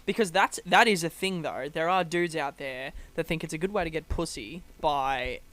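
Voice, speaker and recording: A man's voice: a little high, normal speed, a bit bright, slight background noise. A man with an Australian accent, co-hosting a comedy podcast in crude, blunt, casual banter.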